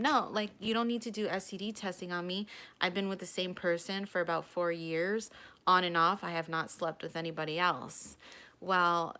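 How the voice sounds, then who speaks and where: Animated woman telling a story. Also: lowish voice, clean tone. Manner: animated storytelling, acting out quotes. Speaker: vlogger. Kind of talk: casual storytime vlog.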